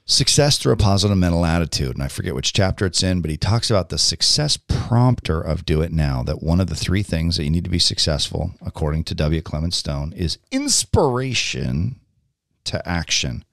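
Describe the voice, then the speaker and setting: Middle-aged man, low gravelly voice, rambling podcast monologue, dry close recording. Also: very animated, moderate pace, dry recording. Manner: rambling, frequent ums and restarts. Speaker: podcast host. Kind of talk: casual storytelling monologue.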